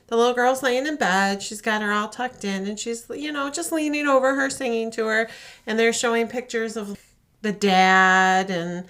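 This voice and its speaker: A woman co-hosting a podcast, animatedly retelling a horror short and acting out the voices. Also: medium pitch. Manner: animated storytelling, acts out voices. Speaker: podcast co-host.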